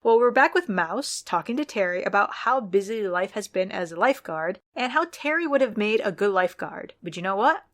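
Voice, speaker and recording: A woman co-hosting a book podcast, walking through the plot in a casual voice. She drops in dry, sarcastic remarks. Her pitch sits in the middle of the range. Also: expressive, fairly quick, hardly any pauses. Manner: wry, drily sarcastic asides. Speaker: podcast co-host. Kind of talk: casual book recap chat.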